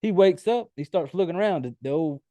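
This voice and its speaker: Male podcast host, casual film recap, cusses freely; higher-pitched, warm tone, dry close sound. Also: lively intonation, brisk, dry recording. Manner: loose, profane storytelling with many fillers. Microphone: home computer setup.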